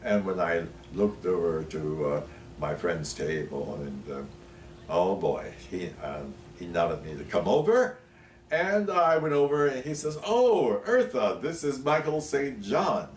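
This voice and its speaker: A man's voice: low-pitched, a little slow. Older man telling stories, distant roomy sound. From Pennsylvania, USA. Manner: animated, many fillers and restarts, acts out quotes. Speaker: interview guest. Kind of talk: anecdotal storytelling. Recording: roomy, distant mic, faint noise.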